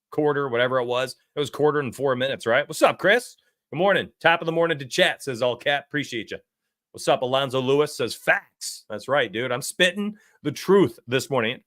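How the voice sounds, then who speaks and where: A brash man hosting a sports betting livestream, with a bright, forceful voice. He rambles and reads chat aloud in a dry, close-miked sound with no room echo. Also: medium pitch. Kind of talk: casual livestream talk.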